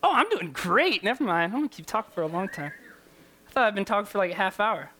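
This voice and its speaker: A man's voice: high-pitched, lively intonation, quick pace, bright, forceful tone, slight background noise. A man preaching a sermon as a youth pastor, impassioned and repetitive, firing rhetorical questions at his listeners.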